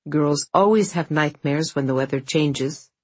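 A woman's voice: sits low, unhurried, breathy edge, dry recording. A woman voicing a stern, wheezing old woman servant.

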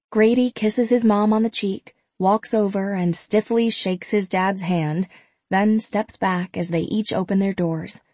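A woman narrating an audiobook in an even, measured way, with a mid-range voice. The sound is close and dry with no room around it. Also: mid-range voice, dry recording.

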